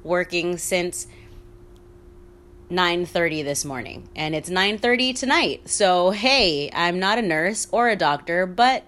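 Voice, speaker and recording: A woman talks through her solo podcast in a low, hushed half-whisper. She is candid and chatty, swears freely and laughs often as she rambles through her opinions. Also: animated, takes it slowly. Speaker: podcast host. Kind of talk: casual solo podcast monologue.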